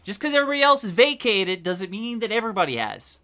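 A game master voicing an agitated young male artist who shouts and threatens to call the police during a tabletop game. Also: sing-song, quick pace. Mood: furious. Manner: shrill, defensive, threatening to scream. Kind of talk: tabletop role-play character voice.

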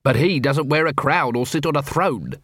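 A man voicing a world-weary male watch captain who is gruff and blunt. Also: mid-range voice, moderate pace, fairly bright tone, dry recording, studio quality, lightly acted. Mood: ranting.

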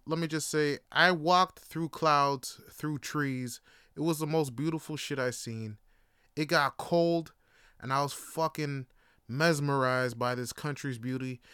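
A man from Jamaica spins a profane travel story, with a bright, ringing edge to his fairly high voice. his tone stays smooth and clean, recorded close and dry with no room sound. he laughs easily and trips over restarts. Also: dry recording. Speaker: podcast host. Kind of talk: casual storytelling monologue.

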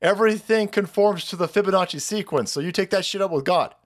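A man hosting a livestream and ranting in a crude, profane, sarcastic way, slipping in quick mocking voices. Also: high voice. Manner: mocks people by putting on quick voices. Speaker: livestream host.

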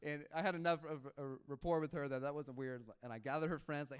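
A young adult man, a pastor, telling a story in a sermon in a casual, animated way with laughs and quoted dialogue. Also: fairly high pitch, fast talker, smooth.

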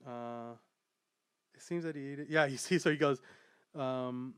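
A young adult man hosting a casual podcast about manga chapters, rambling with many fillers and growing excitable as he talks. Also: medium pitch, a little slow, pauses often, clear, resonant tone, no room sound, studio quality. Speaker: podcast host.

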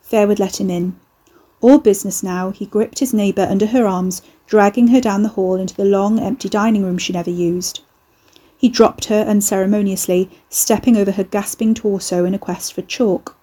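Woman audiobook narrator, steady and even, mellow with a husky edge. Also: medium pitch, moderate pace. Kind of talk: scripted narration.

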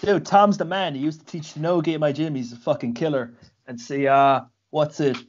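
A man's voice: a little high, moderate pace, lo-fi sound. A man, a jiu-jitsu practitioner, chatting casually and telling stories with lots of swearing. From Ireland. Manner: animated, profane storyteller. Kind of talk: casual chat.

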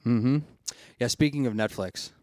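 A man co-hosting a podcast, chatting casually with jokes and quick asides. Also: mid-range voice, a little mellow, no echo, clean studio sound. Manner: laid-back, joking, quick asides. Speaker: podcast co-host. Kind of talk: casual chat.

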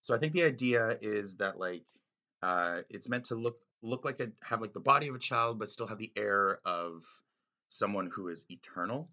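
Casual commentator: man with a bright, lowish voice, loose and filler-heavy, eager. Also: expressive, moderate pace, muffled recording. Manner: rambling, filler-heavy, enthusiastic. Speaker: reader discussing a classic story.

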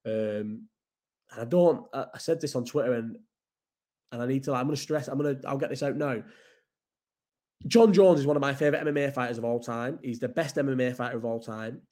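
A man's voice: mid-range voice, fairly quick, a little mellow. A man from the Bolton area with a Bolton accent, hosting a casual live chat in a rambling, blunt and sweary way. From Bolton area, England.

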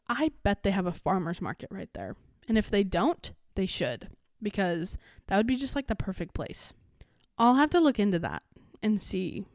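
A woman's voice: mid-range voice, darkish tone, no echo, clean studio sound. A young adult woman hosting her own podcast, talking in a casual, rambling way with many fillers and restarts. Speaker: podcast host. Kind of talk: casual solo podcast chat.

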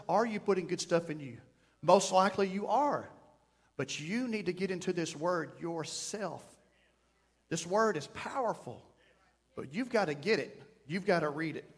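A man in his thirties preaching a sermon to a congregation, animated and playful, with sudden growled bits. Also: high-pitched, moderate pace. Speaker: pastor. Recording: long hall reverb.

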